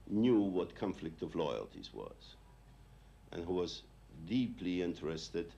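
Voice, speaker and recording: A man with a very deep voice speaks in a slow, formal way, weighing his phrases. A faint ambient hiss sits behind him. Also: a little mellow. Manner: measured, formal, deliberate. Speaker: film producer interviewee. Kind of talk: archive interview.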